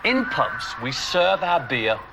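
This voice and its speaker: An English comedian in a mockumentary scene, polite but indignant and prone to stammering. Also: male voice, fairly high pitch, sing-song, slow, very noisy.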